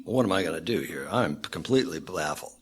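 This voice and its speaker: A man's voice: high-pitched, very animated, normal speed, a bit bright, voice pushed up. A man voicing a bewildered, scheming male devil in a joke told during a sermon. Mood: baffled. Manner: bewildered questioning.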